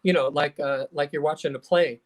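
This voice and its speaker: Chatty man telling animated stories. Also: a little high, brisk. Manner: animated storyteller, acts out quotes, many fillers. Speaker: hypnotherapist guest. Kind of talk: casual storytelling interview.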